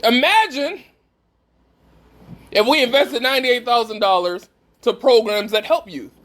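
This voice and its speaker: A man with a strikingly high voice preaches to a gathered group. He talks emphatically and keeps pressing his listeners with direct questions. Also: a little slow, fairly bright tone. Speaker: speaker at a faith gathering. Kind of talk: preaching talk to a live group.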